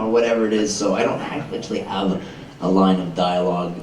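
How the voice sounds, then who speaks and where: A male voice actor on a convention panel, talking in a hesitant, halting, self-conscious way, recorded from afar in a roomy hall. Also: low voice, fairly even intonation, a little mellow. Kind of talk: panel chat. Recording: roomy hall with faint noise, distant mic.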